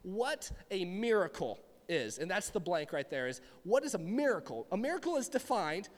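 A young male pastor gives a loose, animated sermon, chatting with his congregation as he goes. His voice sits high for a man. It rings with the long reverb of a large hall. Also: moderate pace. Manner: animated, rambling, chatty with the audience. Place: church hall with a live audience.

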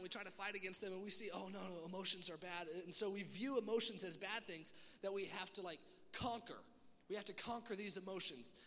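Young guy preaching, highish bright voice, big echoey hall. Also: a little hiss or hum. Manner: animated, acts out quoted voices. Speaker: youth pastor. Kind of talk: sermon. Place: church hall.

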